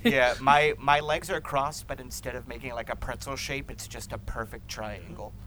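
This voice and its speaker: A man playing a tabletop game, speaking haltingly with many uhs. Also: mid-range voice, steady tone, pushed and bright. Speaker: player.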